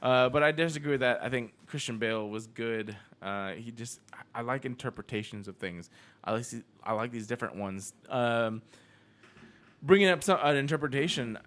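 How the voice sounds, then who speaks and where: A man's voice: mid-range voice, moderate pace. A man hosting a podcast in casual chat, joking with his co-host and signing off the show. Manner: joking, quotes film lines in a hushed voice.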